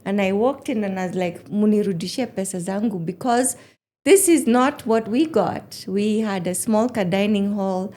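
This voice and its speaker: A woman in her forties, a podcast guest in casual chat, telling animated stories and acting out quotes. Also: medium pitch, unhurried. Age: 40s. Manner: animated storyteller, acts out quotes.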